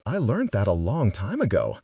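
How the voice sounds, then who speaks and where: A man reading an audiobook, voicing a gruff, resigned fisherman father who answers curtly. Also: fairly low pitch, huge pitch swings, normal speed, mellow, no echo, far from the mic, heavily acted. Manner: curt, resigned.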